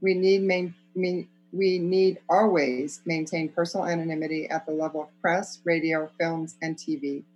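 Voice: mid-range voice, level tone, normal speed, hardly any pauses, darkish tone, dull audio, a little hiss or hum. A speaker reading a set text aloud at a meeting, stumbling over the words. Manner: stumbling read. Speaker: reader of the traditions.

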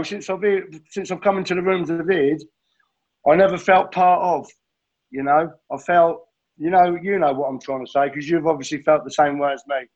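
A man's voice: a little high, dull audio. A middle-aged man sharing his addiction recovery story in a rambling, blunt way, swearing and saying mate constantly.

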